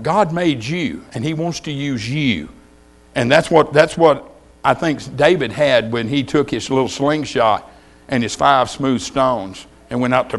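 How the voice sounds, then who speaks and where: Male preacher, middle-aged, folksy storyteller, slightly high voice. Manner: folksy, joking, animated storytelling with big pitch swings. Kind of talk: folksy humorous sermon.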